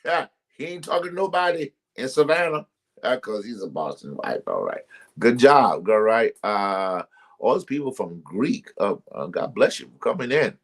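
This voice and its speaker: A man gives casual relationship advice to viewers of his ministry live stream in a sing-song voice at normal speed. He is emphatic and repeats himself like a preacher, jumps suddenly in pitch, and names commenters as he greets them.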